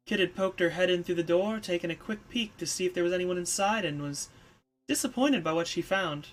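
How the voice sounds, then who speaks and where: A woman's voice: lowish voice, brisk, rough recording. A woman streamer who reads a story game aloud and breaks off into casual, chatty asides. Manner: casual, chatty, with fillers between reading.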